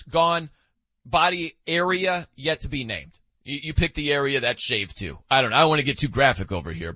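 A man's voice: medium pitch, sharp tone, dry recording. A man hosting a sports radio show, talking emphatically with sarcastic asides, sounding slightly dull. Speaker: sports radio fill-in host. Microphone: studio microphone.

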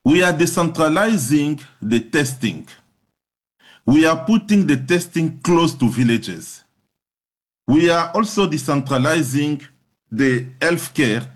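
Man, earnest and emphatic, interview answers, mid-pitched voice. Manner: earnest, emphatic, repeating phrases in lists. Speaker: public health agency head.

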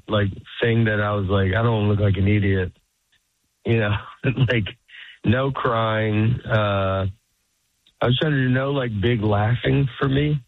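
A man's voice: fairly low pitch, dry recording. A man talks as a comedian guest in a loose, rambling interview. He breaks into laughs and slips into little voices for the people he quotes. The sound is narrow and phone-like, and it is quite dry. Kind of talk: casual interview chat.

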